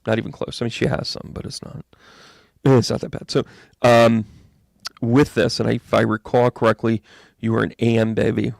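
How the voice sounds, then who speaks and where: A man giving a live astrology and tarot reading in a chatty, rambling, jokey way with bursts of excitement. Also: medium pitch, moderate pace, creaky, no echo. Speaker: psychic medium reading tarot.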